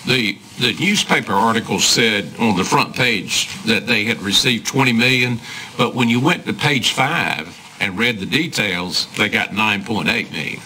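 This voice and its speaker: A man chairing a public board meeting in a brisk, procedural way. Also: on the low side, bright, forceful tone, slight background noise, low-quality recording.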